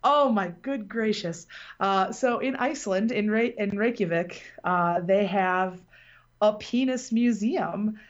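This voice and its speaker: A woman's voice: mid-range voice, takes it slowly, dull audio. A woman hosting a casual chat, telling a story in a rambling way and laughing often. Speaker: podcast host.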